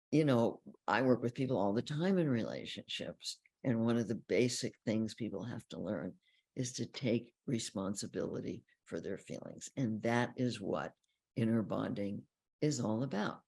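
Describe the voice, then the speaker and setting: A woman counselor giving a calm, explanatory teaching talk about feelings, often repeating key phrases. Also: very deep voice, vocal fry, slightly rough. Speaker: relationship counselor.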